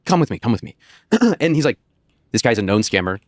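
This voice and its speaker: An American man telling a long, rambling anecdote as a podcast guest, chuckling and swearing along the way. He talks quickly in a mid-range voice. The sound is close and dry. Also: medium pitch, very animated, dry recording. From United States. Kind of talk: casual storytelling on a podcast.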